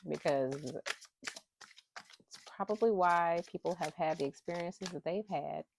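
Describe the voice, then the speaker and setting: Woman, casual spiritual vlog, low voice, gravelly fry, heartfelt and candid, close phone mic. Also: background noise. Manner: heartfelt, candid, with bursts of emphatic pleading. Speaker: spiritual vlogger drawing inspiration cards. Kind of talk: casual spiritual talk to camera. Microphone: phone camera held close.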